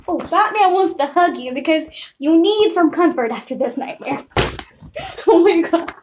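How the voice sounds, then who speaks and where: A woman's voice: sits high, a little hiss or hum. A young woman on a casual live stream, talking through her old drawings in a giggly, self-mocking ramble.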